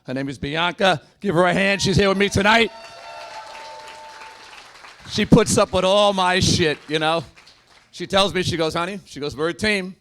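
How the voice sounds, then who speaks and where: A man's voice: sits high, normal speed, pauses often, a bit bright, a little hiss or hum. A middle-aged man doing a stand-up comedy set in a comedy club, working the crowd with brash, joking banter.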